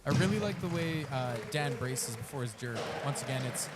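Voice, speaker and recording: A man's voice: medium pitch, animated, moderate pace, loud music behind the voice. A man commentating a weightlifting meet, explaining technique in a coaching way with many fillers. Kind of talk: live sports commentary.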